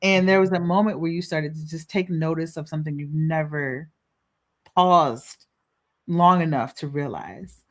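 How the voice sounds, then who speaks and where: Low-voiced woman hosting reflective talk. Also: unhurried. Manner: gentle, probing questions, laughs easily. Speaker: podcast host. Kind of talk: reflective conversation. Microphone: remote video call.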